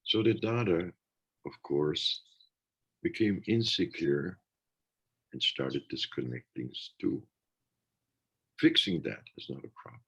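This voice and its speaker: A man's voice: sits low, lively intonation, slow, pauses often, breathy edge, rough recording. A man talking earnestly in a reflective podcast conversation, acting out the remarks he quotes.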